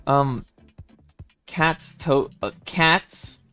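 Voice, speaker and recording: Slow-talking playful young streamer man. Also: a little high, a bit bright, clean tone, soft background music. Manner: playful, giggly, self-deprecating cat-boy persona. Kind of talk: casual livestream chat.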